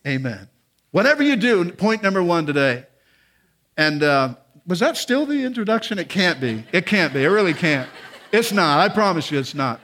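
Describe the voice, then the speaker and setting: Male guest preacher, high-pitched, earnest and conversational sermon delivery that swells into emphatic exhortation. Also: big pitch swings, normal speed, a bit bright. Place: church sanctuary.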